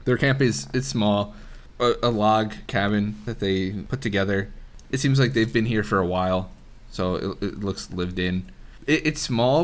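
A man acting as game master, narrating a tabletop game casually with many restarts. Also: lowish voice. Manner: laid-back, laughing, full of restarts.

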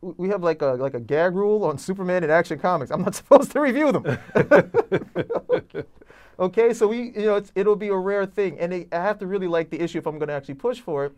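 Excitable rambling man reviewing comics. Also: high-pitched, brisk. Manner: enthusiastic, rambling with many fillers. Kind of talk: casual review chat.

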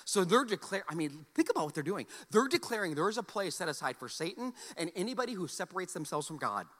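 A man's voice: high-pitched, big pitch swings, quick pace, fairly bright tone, in a large hall. A man preaching a sermon to a congregation. He talks in a conversational, joking way and often repeats words as he restarts his sentences. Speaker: pastor.

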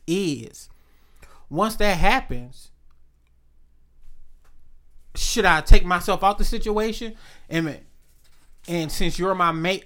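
A man talks in a relaxed, casual chat. He speaks bluntly and with emphasis. He tells stories and quotes the people in them as he talks. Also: on the high side.

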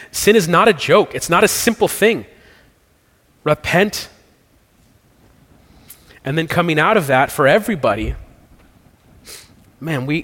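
A pastor in a church sanctuary preaches a sermon and leads communion and prayer, earnest and conversational, dropping casual slang. His voice is a little high and a bit bright, carried by a long hall reverb.

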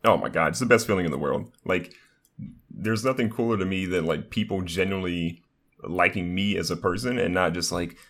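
A man's voice: low voice, a little fast, a bit bright. A young man who is a streamer guest on a podcast, chatting casually in an upbeat, rambling way full of "like" fillers. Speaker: guest, streamer and content creator.

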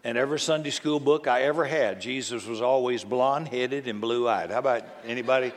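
A pastor delivers a sermon in a relaxed, conversational style, frequently asking his listeners rhetorical questions. He speaks briskly at medium pitch, and the church sanctuary gives a long reverb.

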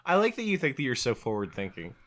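A man's voice: medium pitch, huge pitch swings, fast talker, a bit bright. A man trading dry, sarcastic quips in a casual comedic chat.

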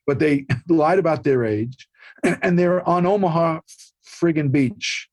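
A man's voice: fairly high pitch, measured pace, darkish tone. An older man with a New York accent, a guest actor telling rambling anecdotes full of restarts in a casual chat.

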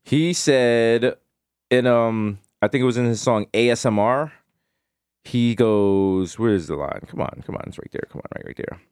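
A man co-hosting a podcast, rattling off joking shout-outs and nicknames in loose comedic banter. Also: medium pitch, moderate pace, clear, resonant tone, no room sound, studio quality. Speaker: podcast co-host.

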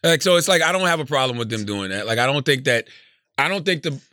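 A man co-hosting a podcast in casual chat, blunt and animated, swearing and repeating himself. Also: mid-range voice, fast talker, dry recording. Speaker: podcast co-host.

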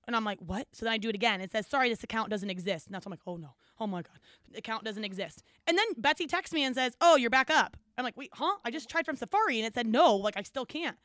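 Chatty woman podcast cohost, slightly high voice, acts out the quotes, dry close sound. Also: lively intonation, quick pace, fairly bright tone, dry recording. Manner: storytelling, acts out quotes, laughs often. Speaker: podcast co-host. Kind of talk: casual chat.

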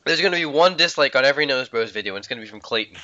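A man's voice: medium pitch, expressive, very fast, noisy background. A young man co-hosting a casual podcast, teasing his friends and laughing in playful mock outrage. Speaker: podcast co-host. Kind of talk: casual chat among friends over a call. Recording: lo-fi online call audio.

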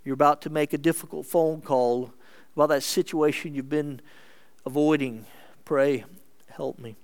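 A man preaching a sermon as pastor, earnest and measured, moving between emphatic lines and hushed ones. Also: on the high side, steady tone.

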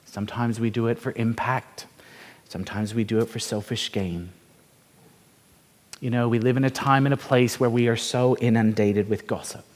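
A man's voice: mid-range voice, fairly even intonation, normal speed. A man preaching a sermon, telling a story and asking the congregation rhetorical questions in a conversational way. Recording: reverberant hall.

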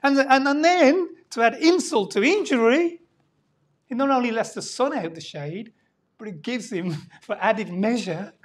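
Animated, dramatic woman preacher. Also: fairly high pitch, measured pace. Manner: animated, dramatic, swings from loud to hushed. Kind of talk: sermon.

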